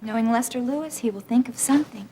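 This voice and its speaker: A woman's voice: a little high, fast, noisy background, natural voice. An actress playing a worried, practical wife questioning her husband in a radio drama. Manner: worried, pointed.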